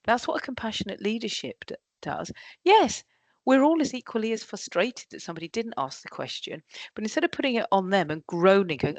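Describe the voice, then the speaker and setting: A woman's voice: medium pitch, moderate pace, no echo. A woman giving a leadership workshop talk, often acting out what colleagues say. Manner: lively, acts out quoted colleagues. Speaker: workshop trainer.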